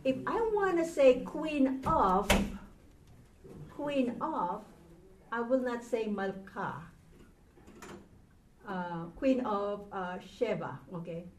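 A woman's voice: fairly high pitch, animated, takes it slowly, pauses often. A woman teaching a Hebrew grammar lesson to a class, patient and asking the students questions. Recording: roomy, from far off, faint noise.

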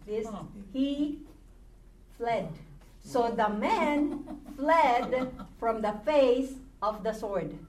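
Slow, patient woman teaching in an echoey classroom. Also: fairly high pitch, a little mellow, slight background noise. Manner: patient, repeats words slowly for students. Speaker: Hebrew teacher. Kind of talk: classroom grammar lesson. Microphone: recorded from a distance. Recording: echoey room, distant mic, faint ambience.

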